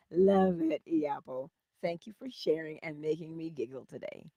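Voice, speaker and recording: A woman hosting a morning inspiration livestream, chatting casually and warmly about spiritual ideas. She laughs often and drops into whispers to stress her points. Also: sits low, wildly swooping pitch, slow pace, creaky, no echo, studio quality. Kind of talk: casual spiritual pep talk.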